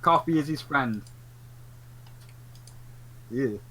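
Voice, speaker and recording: A man hosting a casual podcast chat, animated and joking, slipping into theatrical asides. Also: mid-range voice, drawn-out words, slight background noise, low-quality recording. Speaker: podcast host.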